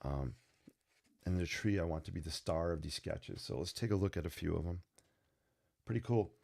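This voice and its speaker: A man's voice: low-pitched, normal speed, vocal fry, a little mellow, breathy edge. A man hosting a casual sketching livestream from his desk, talking loosely and unrehearsed to viewers, tired and stuffy from a sinus cold. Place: home desk. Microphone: desk microphone.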